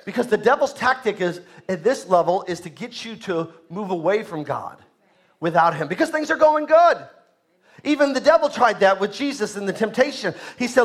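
High-voiced man preaching emphatically. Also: expressive, normal speed. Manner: emphatic preaching, swings from loud to soft, rhetorical questions. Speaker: pastor. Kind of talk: sermon.

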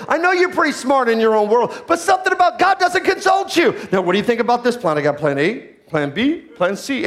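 High-voiced preaching man, loud then hushed. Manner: swings from loud preaching to low quiet asides. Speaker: pastor. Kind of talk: sermon.

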